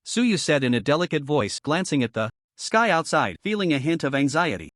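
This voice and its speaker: A man reading a scripted story recap in an even storytelling cadence. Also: fairly high pitch, brisk, no room sound, studio quality. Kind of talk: scripted narration.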